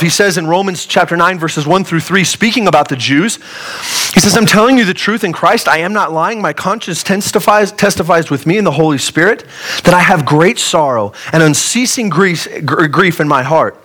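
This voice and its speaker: A man preaching a sermon in an earnest, conversational way, his voice sitting a little higher than most men's. He is from Colorado and moves from easy asides into emphatic, rising lines and then drops low again. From Colorado, USA. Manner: earnest, conversational preaching with wide swings in pitch and loudness. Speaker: pastor.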